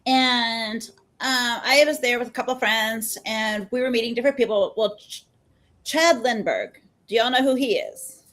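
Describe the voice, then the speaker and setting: A woman in her fifties talks as a podcast guest. Her voice sits a little high, and she tells stories with an easy, chatty energy. She slips into the voices of the people she quotes. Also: moderate pace. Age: 50s. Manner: chatty and animated, acts out quoted dialogue. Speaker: podcast guest, mental health therapist. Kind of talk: casual storytelling in a podcast interview.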